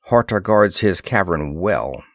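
A man's voice: deep voice, lively intonation, a bit bright, no echo, studio quality, heavily acted. Man reading a somber underworld chief. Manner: somber, slow, formal. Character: grave middle-aged male underworld leader.

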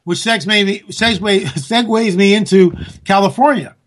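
High-voiced ranting male commentator. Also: unhurried. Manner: sarcastic, ranting, rising to near-shouts. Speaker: political commentator. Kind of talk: monologue commentary.

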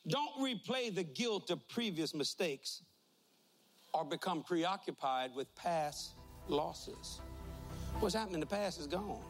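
A man's voice: fairly high pitch, expressive, slow pace, faint music behind. A man preaching a humorous sermon, mixing folksy jokes and stories with emphatic points about faith. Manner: joking, folksy storytelling, emphatic.

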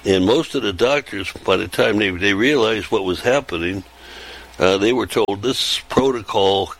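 Heard on a rough recording, a fairly low-voiced man in his seventies with a rather bright tone delivers a rambling, conversational monologue. He takes his time, looping back and restarting or repeating phrases as he goes.

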